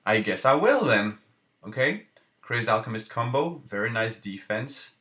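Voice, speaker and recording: A man streaming live, thinking aloud over card game picks with halting restarts and playful self-mocking jokes. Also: mid-range voice, expressive, pushed and bright.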